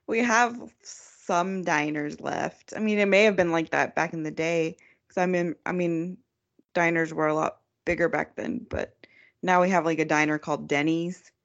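American woman, low-ish voice, lo-fi. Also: steady tone, normal speed. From United States. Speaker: podcast co-host. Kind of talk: casual chat.

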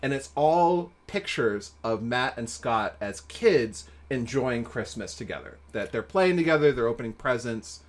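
A man sits in as a podcast co-host and walks through a film's plot in loose, animated chat. His voice sits mid-range, and he breaks into laughter and quick asides. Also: mid-range voice. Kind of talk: casual movie recap chat.

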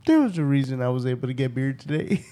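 A man's voice: mid-range voice, sing-song, fast talker, dark tone. A young man in casual, profane chat, rambling through a story and acting out both sides of the talk.

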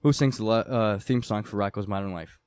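A man running a casual trivia game among friends, lively and joking. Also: lowish voice, brisk, clean tone, no room sound. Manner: lively, swearing, laughing. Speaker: quizmaster.

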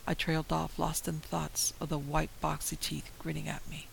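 A man tells a first-person horror story in a heavily gravelly, slightly high voice, keeping the telling dramatic and tense. A faint hiss sits under the recording. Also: completely flat delivery, normal speed, few pauses, fairly bright tone, low-quality recording. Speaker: narrator.

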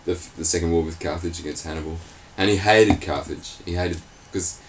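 A man in a casual comedic chat, explaining history in an animated, laughing way. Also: sits low, brisk, slight background noise, low-quality recording. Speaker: resident historian.

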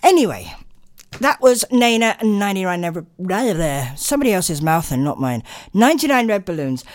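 A woman's voice: mid-range voice, big pitch swings, fairly quick, no echo, studio quality. A tired woman hosting late-night radio, chatting and rambling with lots of ums. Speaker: radio host.

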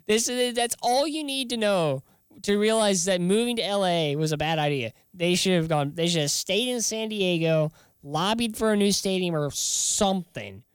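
A man hosting a casual sports talk show, rambling and animated, often chuckling as he talks. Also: sits high, moderate pace, clean tone, dry recording.

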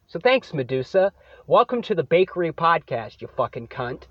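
Man, podcast host, angry profane rant, sarcastic, higher voice, dry muffled recording. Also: big pitch swings, normal speed, dry recording.

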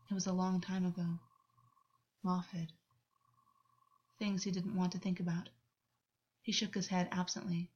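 A woman reading a story aloud as narrator in an even, unhurried way. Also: lowish voice. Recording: dull lo-fi recording.

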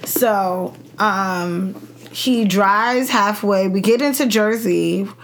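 A woman's voice: mid-range voice, takes it slowly. A woman, a podcast guest, telling a personal story in casual chat and acting out the lines of the people in it. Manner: animated retelling, acts out quoted dialogue.

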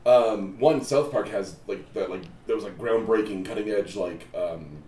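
A man in a casual podcast chat, halting and full of fillers as he builds his point. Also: on the low side, dark tone, far from the mic. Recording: echoey room, off-mic.

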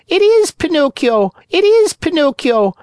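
A man reading an audiobook voices a crowd of excited wooden marionettes who shriek with joy. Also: very high voice, a little slow, dry recording, clean studio sound, voice pushed up, exaggerated voice. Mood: overjoyed.

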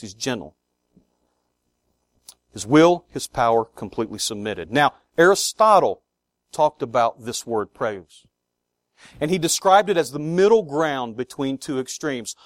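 A man preaching a sermon to his congregation, earnest, with slow emphatic stresses on key words. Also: a little high, dry recording, clean studio sound. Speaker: pastor.

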